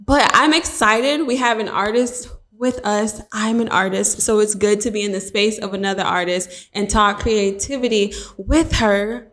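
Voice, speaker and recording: A woman hosting a casual interview podcast, animated and excitable, often acting out what others said to her. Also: medium pitch, moderate pace, few pauses. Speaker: podcast host.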